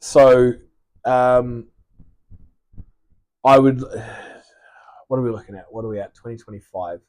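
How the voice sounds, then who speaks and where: A man's voice: medium pitch, slow pace, a little mellow. A young man with a New Zealand accent in a loose podcast chat. He rambles, restarts his sentences and swears freely as he talks about his plans. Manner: rambling, sweary, repeats words often. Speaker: guest, sports player.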